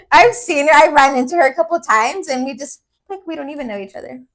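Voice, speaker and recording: A young woman with a fairly high voice tells a personal story on a casual podcast, candid and loose, filling her speech with "like" and dropping swear words. She talks easily, as if to a close friend. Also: lively intonation, a little fast, a bit bright. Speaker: podcast co-host. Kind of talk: casual chat.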